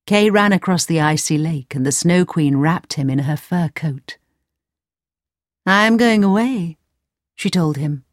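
A woman narrating a storybook in a clear, measured way. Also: sits low, dry recording, clean studio sound. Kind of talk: storybook reading.

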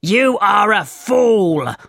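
A storyteller voices a stern bandit chief with a short temper, giving orders in a deliberate, unhurried way. The sound is dry and close, with no room around it. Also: mid-range voice, lively intonation, vocal fry, dry recording, heavily acted. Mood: angry. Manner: commanding, scolding. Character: stern, quick-tempered male leader of thieves. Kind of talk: storybook read-aloud.

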